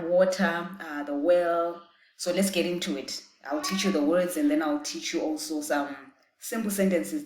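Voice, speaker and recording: Woman, unhurried language teacher, slightly low voice, roomy echo. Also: darkish tone. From Zimbabwe. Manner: patient, repeats words for learners to echo. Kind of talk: slow vocabulary lesson. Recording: echoey room.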